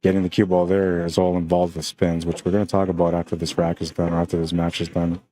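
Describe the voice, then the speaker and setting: A relaxed male pool commentator with a Spanish accent and a low, mellow voice, talking the stream through each shot. He speaks in an even, unhurried tone, chatting loosely and often tossing in "man" and "like". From Canada. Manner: laid-back, chatty, peppered with "man" and "like". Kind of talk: casual live-stream commentary.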